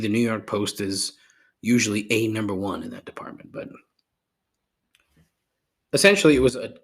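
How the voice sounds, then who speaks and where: A man's voice: fairly low pitch, a bit bright. A man hosting his podcast alone, ranting sarcastically with lots of swearing and rambling asides. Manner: sarcastic, profane, rambling with frequent fillers. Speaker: podcast host. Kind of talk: casual solo podcast rant.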